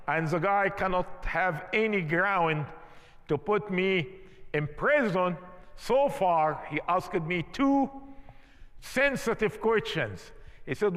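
A man from Egypt with an Egyptian accent preaches a testimony, speaking emphatically in imperfect English. His voice sits high and his delivery is slow and deliberate. The sound carries the long reverb of a church hall. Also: expressive, a bit bright. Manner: emphatic storytelling, non-native grammar. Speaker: pastor. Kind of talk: sermon testimony.

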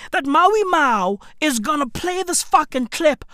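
A woman giving profane comedic reaction commentary, excitable and swearing, repeating her phrases for effect. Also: sits high, takes it slowly, no echo, studio quality.

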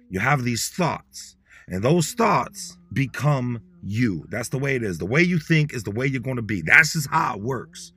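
A man's voice: medium pitch, expressive, a bit bright, husky. Blunt, slangy man teaching words. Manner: blunt and slangy, repeats words slowly for listeners to echo. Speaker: podcast host teaching Dakota words. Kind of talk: casual motivational podcast talk.

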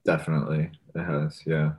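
Young man, very low voice, laid-back interview guest, filler-heavy. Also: a little fast. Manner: relaxed, rambling, many fillers like "like" and "you know". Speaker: musician guest. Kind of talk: casual interview talk.

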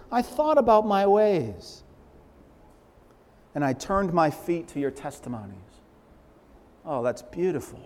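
Man preaching, fervent, emphatic, loud swells and hushed drops, slightly high voice, long hall reverb. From Massachusetts, USA. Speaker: pastor. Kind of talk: sermon.

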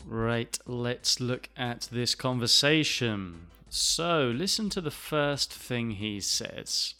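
Slow, bright-voiced male English teacher. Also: medium pitch, expressive, soft background music. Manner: slow, deliberate, repeats phrases to demonstrate pronunciation. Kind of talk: language lesson explanation.

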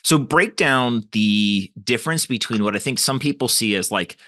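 A man's voice: mid-range voice, animated, normal speed, sharp tone, dry recording, clean studio sound. A man hosting an interview podcast, asking questions casually and retelling anecdotes with fillers. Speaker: podcast host. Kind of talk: interview host.

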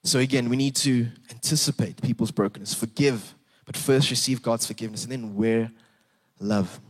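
A young man preaching a sermon, earnest and animated, repeating words and rising for emphasis. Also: medium pitch, moderate pace. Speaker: pastor.

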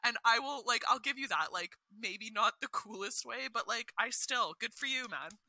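A woman's voice: on the high side, animated, moderate pace, pushed and bright, no echo, rough recording. A woman in a casual chat, blunt and emphatic, laughing often. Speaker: podcast co-host.

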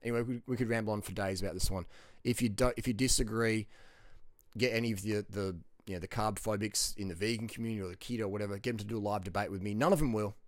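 A man's voice: lowish voice, fairly even intonation, no room sound, clean studio sound. A man giving a blunt, rambling motivational monologue as a diet vlogger, mocking his critics. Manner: brash, rambling, mocks critics in quick put-on voices.

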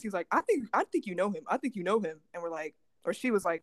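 Young woman podcast co-host, lively storyteller who acts out the quotes, dry close sound. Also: mid-range voice, fast talker, no room sound. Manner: animated storytelling with lots of acted-out quotes. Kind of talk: casual podcast chat.

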